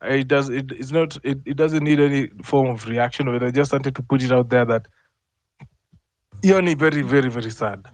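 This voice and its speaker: A man's voice: mid-range voice, moderate pace, no room sound. A man speaks as a panelist on a talk show. He hesitates and restarts his sentences several times. His voice sits in a middle range and sounds dry and close.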